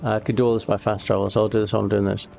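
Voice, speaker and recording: A man's voice: fairly low pitch, level tone, very fast, creaky, mellow, highs cut off. A man rambling casually through gameplay commentary and a story, with many fillers and restarts. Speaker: gaming YouTuber. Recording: game music behind the voice.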